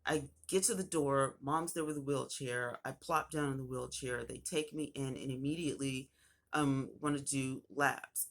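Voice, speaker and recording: A young woman vlogger recounting a personal story in a casual, animated way, acting out the people in it. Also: low voice, moderate pace. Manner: animated retelling with acted quotes.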